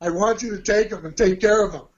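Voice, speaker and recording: Man telling stories in a high voice. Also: fast talker. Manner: animated, acts out quoted dialogue. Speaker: guest telling a life story. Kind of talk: casual anecdotal storytelling. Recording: dull lo-fi audio.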